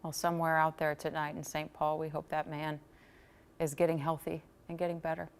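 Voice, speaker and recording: Low, even-voiced female news anchor. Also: fairly quick, clean tone. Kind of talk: live studio news chat.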